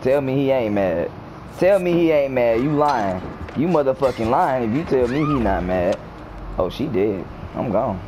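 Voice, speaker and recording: A young man chatting casually while gaming with friends, excitable, swearing, often shouting and laughing into a headset mic. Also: medium pitch, normal speed, muffled recording, background noise. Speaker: gamer streamer.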